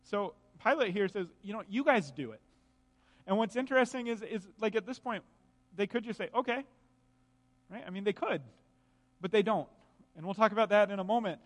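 A man's voice: high voice, brisk, big-room sound. A man preaching a sermon, reading scripture aloud and explaining it with earnest emphasis and pointed rhetorical questions.

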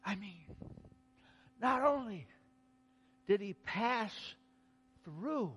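A man preaching a sermon, slow and emphatic, dropping to a hush and then rising to exclaim. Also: high voice, husky. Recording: long hall reverb.

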